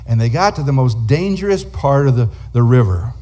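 Male guest preacher, husky tone, animated sermon storyteller. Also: medium pitch, moderate pace. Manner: animated storyteller acting out quotes.

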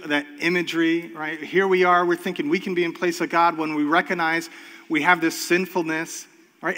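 A man's voice: a little high, sharp tone. A man in his thirties, a pastor, preaching a sermon and telling a story with acted-out voices. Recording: long hall reverb.

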